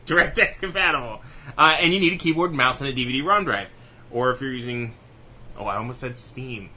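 A young man co-hosts a gaming podcast in a loose, joking chat. His voice is bright and forward, and he swears freely while rushing through lists of numbers. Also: mid-range voice, slight background noise. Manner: rapid, profane, laughing reading of spec lists. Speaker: podcast co-host. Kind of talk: casual gaming news chat.

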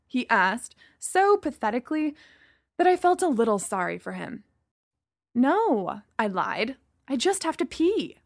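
A woman's voice: high voice, big pitch swings, moderate pace, gravelly, no room sound, clean studio sound. A woman reading a first-person story aloud, acting out the dialogue. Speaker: narrator.

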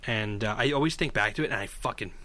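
A man's voice: fairly low pitch, fast talker. A man co-hosting a casual chat, telling stories with energy and acting out other people's voices. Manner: animated storyteller, acts out shouting voices.

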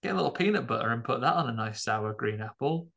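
A man with a gravelly, fry-laden voice chats about films, drifting into jokey tips and trivia. His pitch stays in a middle range as he tells his stories. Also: animated, fast talker, bright, forceful tone. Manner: jokey, storytelling, offers asides. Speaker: podcast co-host. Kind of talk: casual film chat.

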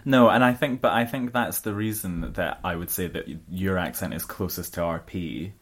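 A Scottish woman with an unusually low, deep voice, co-hosting a podcast. She teases playfully and giggles, and her tone is easygoing. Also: moderate pace, slightly rough. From Scotland. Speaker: podcast co-host. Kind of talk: casual chat.

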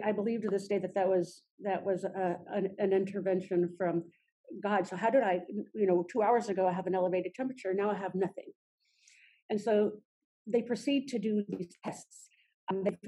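Woman in her 30s, husky mellow voice, lots of restarts, telling her own story in an interview. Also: mid-range voice. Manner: halting, many restarts and fillers.

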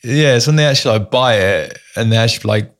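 A male podcast host asking questions in a relaxed, chatty way, often saying "actually" and "mate.". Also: mid-range voice, fast. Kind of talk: casual podcast interview.

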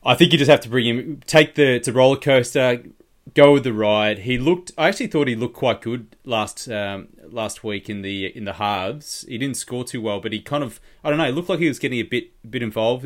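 A man hosting a casual fantasy sports podcast, rambling and teasing his co-host. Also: medium pitch. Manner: rambling, restarts, swears and teases.

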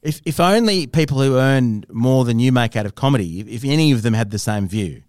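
A man with a smooth, clear voice that moves up and down with expression, recorded dry and close. He co-hosts a casual chat and keeps up a steady run of wry jokes and teasing questions. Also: mid-range voice, a little fast, no echo. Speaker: podcast co-host.

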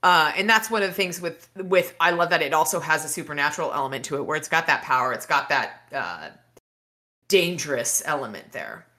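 Woman host chatting through a book recap, lowish bright voice, rambly. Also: expressive, a little fast. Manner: rambling, many fillers and restarts while retelling. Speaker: podcast host.

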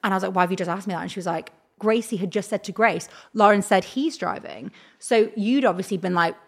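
Animated woman telling a story. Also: medium pitch, quick pace. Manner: animated retelling, acts out quoted dialogue, heavy use of "like". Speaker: talent agent, podcast guest. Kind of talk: casual storytelling chat.

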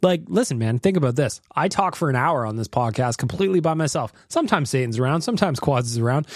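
A man's voice: mid-range voice, fast talker, few pauses, dry recording. A man with an everyday mid-range voice hosts a casual chat podcast in a jokey, upbeat way, laughing easily. The sound is close and dry. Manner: jokey, laughs often, lively. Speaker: podcast host. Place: Edmonton.

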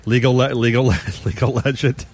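A man's voice: medium pitch, steady tone, husky. A man chatting casually and joking in a rambling, laughing way. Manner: fast, rambling, joking with frequent laughs and fillers. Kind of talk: casual podcast banter.

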